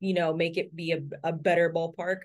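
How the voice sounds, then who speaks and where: A woman's voice: on the low side, level tone, fairly quick. A woman from California co-hosting a podcast in casual banter; she is blunt, laughs often and swears casually. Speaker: podcast co-host.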